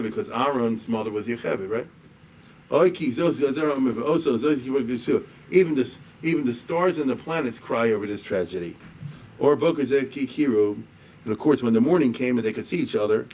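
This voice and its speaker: A man's voice: mid-range voice, animated, brisk, a little mellow. A man teaching as a rabbi, reading a text line by line, explaining each with casual asides and checks like "right?". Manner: conversational, reads a line then paraphrases with asides and "right?". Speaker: rabbi lecturer. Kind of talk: explaining a liturgical poem in a lecture. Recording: distant mic with faint background noise.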